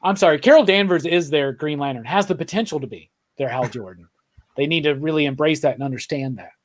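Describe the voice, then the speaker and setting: Talking fast in a fairly high voice, this co-host sips beer during a casual comics chat on a podcast. Excited and rambling, he restarts his thoughts often and tags lines with "right?".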